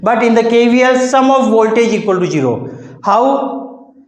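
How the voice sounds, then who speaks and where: High-voiced physics teacher. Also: male voice, lively intonation, normal speed, roomy sound, rough recording. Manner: keeps asking rhetorical "what?" questions and answers them. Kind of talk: classroom lecture.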